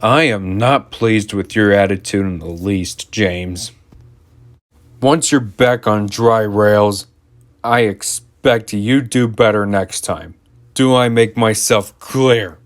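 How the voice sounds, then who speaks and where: A man voicing a stern, portly railway boss who booms and scolds. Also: slow. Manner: booming and scolding.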